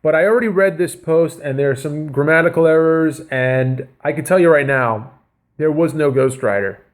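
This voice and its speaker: A man's voice: a little high, moderate pace. A man giving casual reaction commentary on his comedy vlog, rambling and enthusiastic with lots of fillers. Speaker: comedy vlogger reviewing news.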